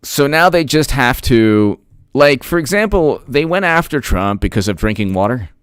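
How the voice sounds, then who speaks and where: An excitable man delivering sarcastic political commentary straight to his viewers. His voice is smooth and resonant, and his pitch swings widely as he mocks and jokes. The sound is dry and close. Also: normal speed, no room sound. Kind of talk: animated solo political commentary.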